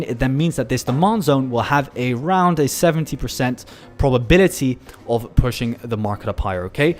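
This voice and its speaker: Chatty male trading streamer. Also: mid-range voice. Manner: casual, chatty, addresses viewers as guys. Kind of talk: live stream commentary.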